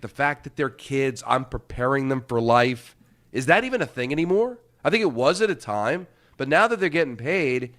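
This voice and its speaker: Middle-aged sports radio co-host, measured argument. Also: male voice, mid-range voice, a bit bright. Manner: measured, argumentative, poses rhetorical questions. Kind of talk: sports talk debate. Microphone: studio microphone.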